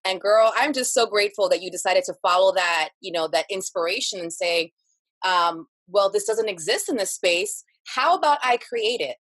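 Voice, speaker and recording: A woman's voice: mid-range voice, animated, moderate pace, a bit bright. A woman hosting a casual live-stream interview who talks with gushing enthusiasm and lots of "like" and "um". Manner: gushing and enthusiastic, many fillers like "like" and "um". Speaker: host.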